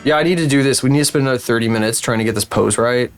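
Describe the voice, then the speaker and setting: A man's voice: mid-range voice, racing, soft background music. A man with the flu, chatting casually on a livestream in a rambling, profane, incredulous way. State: sick with flu. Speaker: streamer.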